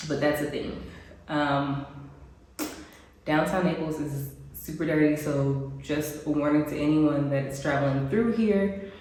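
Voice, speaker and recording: A woman's voice: sits low, darkish tone. Congested chatty woman in an echoey room. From United States. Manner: chatty, frequent ums and likes, laughs often. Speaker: expat vlogger. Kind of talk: casual talk to camera. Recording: very echoey room, faint background noise.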